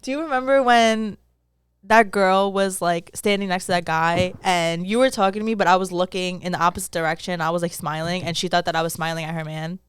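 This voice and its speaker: A young adult woman co-hosting a podcast, gossiping quickly and casually and swearing often. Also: on the low side, fairly even intonation, slight background noise. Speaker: podcast co-host. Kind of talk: casual chat.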